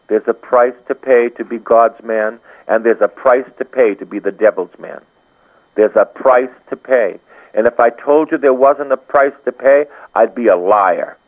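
A man preaching a charismatic sermon, repeating phrases with surging rises and hushed drops. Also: mid-range voice. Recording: tinny phone-like radio broadcast.

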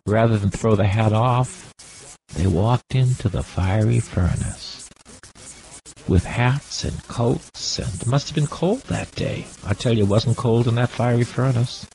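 A man's voice: medium pitch, unhurried, vocal fry, darkish tone, low-quality recording. A man preaching a sermon with an impassioned, repetitive cadence, drawing out his words.

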